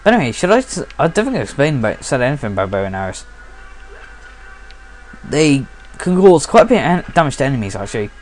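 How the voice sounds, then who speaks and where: A man's voice: medium pitch, big pitch swings, quick pace, soft background music. A sleepy man giving casual let's play commentary, rambling and often stopping to correct himself.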